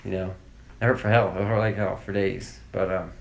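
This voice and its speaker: A man's voice: low voice, flat delivery, fairly quick, creaky, a little hiss or hum. A man speaking as an interview guest, recalling family memories in a rambling, casual way full of fillers and restarts. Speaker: interview guest, victim's brother. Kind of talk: casual, emotional recollection.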